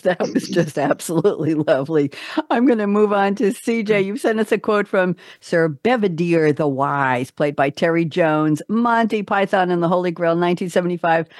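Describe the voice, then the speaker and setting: Woman radio host, chatty, lowish voice, dry close sound. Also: a little mellow, no echo. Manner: chatty, laughs often, tells anecdotes. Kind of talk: casual interview chat.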